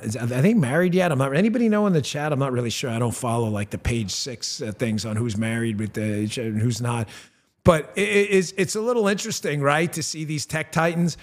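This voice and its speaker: A male talk show host with a punchy, blunt delivery who reads his own ads and turns loud and high-pitched when outraged. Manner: conversational, with fillers and restarts. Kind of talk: talk show monologue with ad read.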